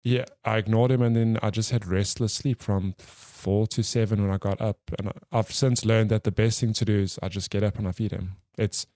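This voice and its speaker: A man's voice: on the low side, fairly even intonation, a little fast, hardly any pauses, mellow, dry recording, clean studio sound. A man co-hosting a casual gaming podcast, chatting and laughing often. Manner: laughs often, puts on silly voices for his pets. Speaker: podcast co-host. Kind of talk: casual chat.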